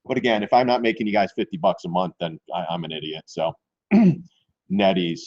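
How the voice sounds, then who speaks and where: A man hosting a live stream on stock trading, talking loosely and mocking himself, often clearing his throat. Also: deep voice, expressive, moderate pace, a little mellow, dull audio. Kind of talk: casual live-stream market commentary.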